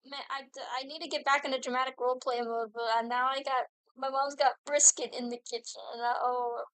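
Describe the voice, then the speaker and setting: Young woman streamer, high and bright, rambling happily while gaming, dry close sound. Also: flat delivery, brisk, clean tone, no echo, rough recording. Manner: giddy, rambling, talks to herself while playing. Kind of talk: casual gaming stream chat.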